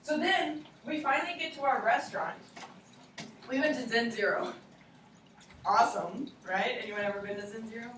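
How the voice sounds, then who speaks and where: A young woman teacher telling a playful, animated story to a class of children, recorded from far away in an echoey classroom. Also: on the high side, moderate pace, pauses often, slight background noise. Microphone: distant recorder.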